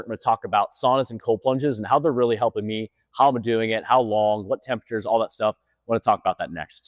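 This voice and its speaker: A man talks to the camera at a brisk clip, energetic and emphatic, often repeating his point. His voice sits at an ordinary male pitch. The sound is dry and close, with no room echo. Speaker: fitness coach. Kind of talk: casual talk to camera. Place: gym.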